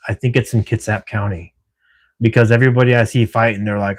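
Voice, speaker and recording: Lower-voiced, chatty livestreaming man. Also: steady tone, fast talker. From Washington State, US. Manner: chatty, laughs easily, swears casually. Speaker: livestream host. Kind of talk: casual live-stream chat with viewers. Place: at work at night.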